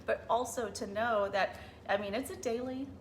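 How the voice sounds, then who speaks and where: A woman with a high, bright-sounding voice and a Southern US accent chats casually as a show co-host. She talks in a bubbly, friendly rush and laughs easily. A faint background hum sits under her. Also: fairly even intonation, normal speed. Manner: bubbly, laughs often, chatty. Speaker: podcast co-host. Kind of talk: casual chat.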